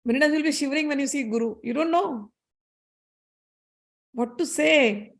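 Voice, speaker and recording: A woman, a spiritual teacher who tells devotional scripture stories in an animated, expressive way. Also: high-pitched, vocal fry. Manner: animated, expressive, chants Sanskrit verses rapidly.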